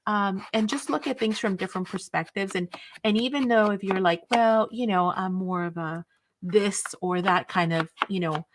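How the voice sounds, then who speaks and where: A woman's voice: mid-range voice, normal speed, a little hiss or hum. A woman hosting a craft live stream, chatting casually with viewers in an enthusiastic, rambling way.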